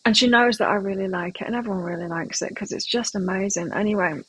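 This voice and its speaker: A middle-aged woman with a husky, breathy voice hosts a live tarot stream. She talks loosely and chattily, drifting into anecdotes, and her voice sits at an ordinary pitch. The sound is close and dry, with no room around it. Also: fast, a bit bright, no echo, poor audio. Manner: chatty and rambling, telling anecdotes. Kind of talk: casual live-stream chat between tarot readings.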